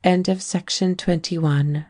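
A woman narrating a classic novel as an audiobook, in a measured, unhurried reading manner. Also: fairly low pitch, fairly even intonation, mellow, dry recording, clean studio sound.

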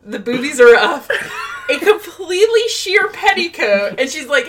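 A woman co-hosting a casual movie chat, sarcastic and quick to laugh. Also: high voice. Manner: animated, laughing, sarcastic asides. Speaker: podcast co-host.

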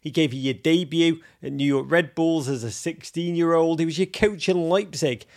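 A man's voice: a little high, normal speed, darkish tone. A man hosting a podcast interview in a jokey, theatrical way. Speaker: podcast host. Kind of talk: playful interview.

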